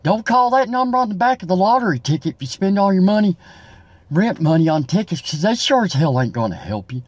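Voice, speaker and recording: A man's voice: high voice, sing-song, fairly quick. A comedian playing a broke, worked-up Southern man from South Carolina who rambles and cusses in a drawl, in a comic character monologue. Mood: upset ranting.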